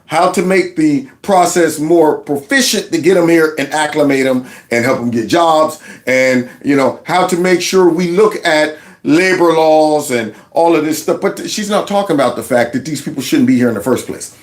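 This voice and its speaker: A man hosting casual political commentary, talking in an animated, mocking way and laughing often. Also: on the high side, normal speed. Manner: quotes others in a mock voice. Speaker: commentary host.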